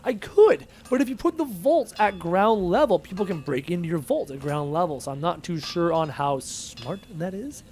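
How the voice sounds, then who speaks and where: A man's voice: sits high, expressive, moderate pace, few pauses, darkish tone, slight background noise. A man streaming a game live, chatting and muttering to himself as he plays and reads chat aloud. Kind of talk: live gameplay commentary, reading chat aloud.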